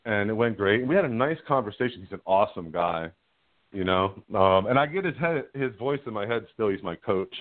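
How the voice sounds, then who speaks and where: Speaking briskly in a low voice with lively intonation, a middle-aged guest caller recounts a personal story in a frank, meandering way and chuckles at himself. The phone line is tinny and dry, with no echo.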